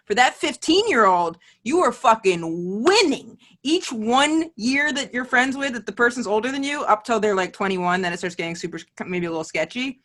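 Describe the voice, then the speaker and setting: A woman's voice: fairly high pitch, lively intonation, normal speed, hardly any pauses, a bit bright. A woman hosting a podcast, chatty and swearing, asking eager follow-up questions. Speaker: podcast host. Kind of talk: casual podcast interview.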